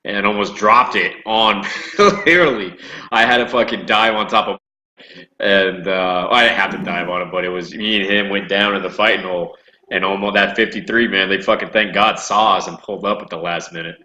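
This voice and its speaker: A man's voice: low-pitched, brisk, bright, forceful tone. A man recalling his Marine deployment in a casual, profane chat, often laughing. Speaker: former Marine, guest. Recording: echoey room, faint noise.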